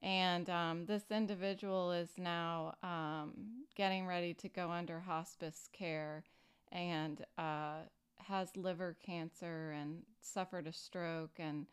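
Slow, earnest woman podcast host. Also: fairly low pitch, fairly even intonation, clear, resonant tone. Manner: earnest and unhurried, with many fillers and pauses. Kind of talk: personal recovery podcast talk.

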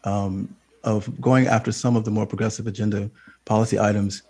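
A man's voice: lowish voice, little pitch movement, a little fast, darkish tone, slightly rough. A man who directs an advocacy group, speaking as a radio panel guest in a hesitant, thoughtful way with many ums.

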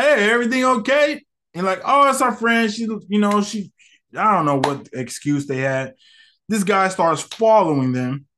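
A man's voice: on the high side, fairly bright tone. A man hosting a podcast, giving a casual, slangy movie review and acting out characters' lines.

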